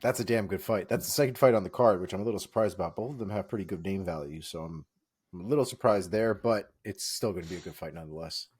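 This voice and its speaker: A man's voice: low voice, quick pace, darkish tone, breathy edge. A man co-hosting a casual sports podcast, laid-back and blunt. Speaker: podcast co-host.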